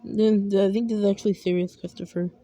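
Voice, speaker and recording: A woman voicing a calm father who gives plain instructions in a family role-play. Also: mid-range voice, quick pace, no room sound, highs cut off, close to an everyday voice.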